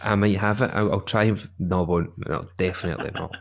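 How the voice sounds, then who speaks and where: Scottish man, low deep voice, laid-back host, casual chat. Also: fairly even intonation, brisk, vocal fry. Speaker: podcast host.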